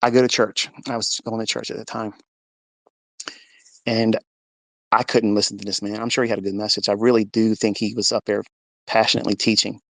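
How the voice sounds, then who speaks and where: Man, gravelly mid-pitched voice, earnest emotional storyteller, dry close phone sound. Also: brisk, long pauses, no echo. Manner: earnest, animated, voice rises and falls with the story. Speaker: speaker sharing a faith testimony. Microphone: phone in a live audio room.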